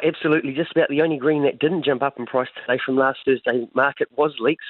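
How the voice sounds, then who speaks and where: A man's voice: mid-range voice, no echo. New Zealand man on a tinny phone line. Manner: reads a prepared report, steady and informative. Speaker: produce market reporter. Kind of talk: phone-in radio segment.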